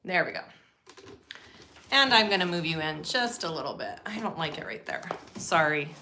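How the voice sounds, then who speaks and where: Bright, chatty woman hosting a sewing stream. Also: low-pitched, sing-song, moderate pace, a little hiss or hum. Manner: chatty, upbeat, greets viewers. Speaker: sewing livestream host. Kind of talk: casual live sewing tutorial.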